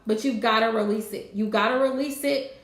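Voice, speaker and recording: A woman hosting a live tarot reading, calmly repeating gentle advice to her viewers. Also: a little high, fairly quick, echoey room. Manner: soothing, repetitive advice with Southern-style phrasing. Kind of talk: casual live-stream reading.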